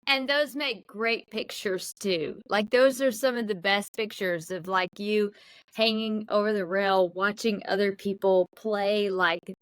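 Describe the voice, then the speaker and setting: A middle-aged woman co-hosting a podcast in casual chat, affectionate and quick to laugh. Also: medium pitch, steady tone, a bit bright, clean tone, no echo. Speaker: podcast co-host.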